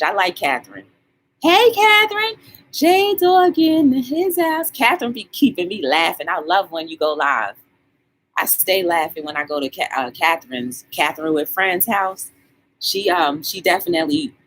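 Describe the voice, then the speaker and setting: A woman's voice: sits low, slight background noise. A woman hosting a live talk show, chatting casually and colloquially with her viewers. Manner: animated, shouting out viewers by name; colloquial, conversational. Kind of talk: casual live-stream chat.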